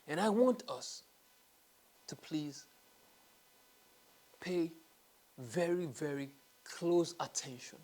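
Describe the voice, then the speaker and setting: A man's voice: fairly high pitch, slow pace, long pauses, darkish tone. A man hosting a talk show, delivering an earnest monologue that repeats its key phrases and sinks to a whisper for emphasis. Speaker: host.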